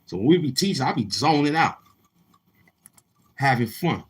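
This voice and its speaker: A man's voice: medium pitch, expressive, normal speed, slight background noise. A man from Brooklyn, telling loose, repetitive stories on his livestream and acting out other people's lines. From Brooklyn, New York. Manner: loose, repetitive street talk with quoted dialogue. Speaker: livestream host. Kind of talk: rambling storytelling on a livestream.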